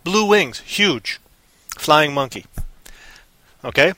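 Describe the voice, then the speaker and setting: A man's voice: on the high side, lively intonation, takes it slowly, bright, forceful tone. A man co-hosting a livestream, rambling through silly made-up stories in a goofy, random way. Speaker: stream co-host. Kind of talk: silly improvised storytelling on a livestream.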